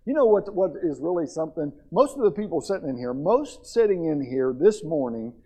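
A man preaching a sermon in a church, fervent, swinging between loud and quiet. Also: fairly high pitch, very animated, brisk, husky, rough recording. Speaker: pastor.

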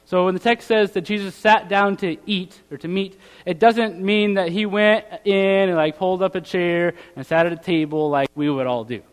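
Male preacher, high voice, casual sermon delivery with tag questions and scripture reading; long reverb of a hall. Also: fairly even intonation, normal speed, few pauses, clean tone. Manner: reads scripture aloud in old-fashioned wording.

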